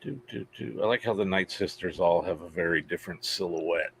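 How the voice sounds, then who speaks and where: Male co-host, low voice with a bright edge, relaxed and musing aloud. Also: brisk, a little hiss or hum, rough recording. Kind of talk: casual chat on a live watch-along stream.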